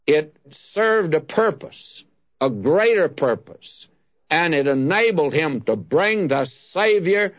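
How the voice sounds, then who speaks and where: A man preaching an expository sermon, slow and emphatic, leaning hard on key words. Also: fairly high pitch, no room sound, highs cut off.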